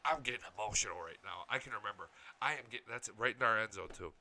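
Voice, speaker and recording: A young man reacting to game highlights as an excitable fan, swearing freely and yelling at the big moments. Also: fast. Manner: excitable, profane, shouts at big plays. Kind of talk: casual fan reaction commentary.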